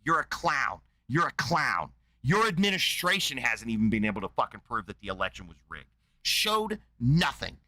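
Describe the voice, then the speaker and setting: A man's voice: medium pitch, sing-song, moderate pace, bright, forceful tone, dry recording. A man hosting a livestream, angrily ranting at a viewer in his chat with heavy profanity and insults. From United States. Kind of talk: angry livestream rant.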